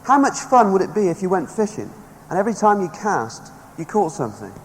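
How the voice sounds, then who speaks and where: High-voiced man rallying a hall. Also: big pitch swings, a little fast. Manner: emphatic, storytelling, rallying the audience. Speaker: motivational speaker. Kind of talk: motivational seminar speech. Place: large hall with a live audience. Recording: echoey hall, faint background noise.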